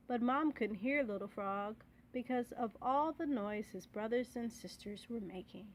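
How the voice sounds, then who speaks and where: A woman reading children's bedtime stories aloud in a clear, expressive way. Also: fairly high pitch, unhurried, hardly any pauses, slight background noise. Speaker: storyteller.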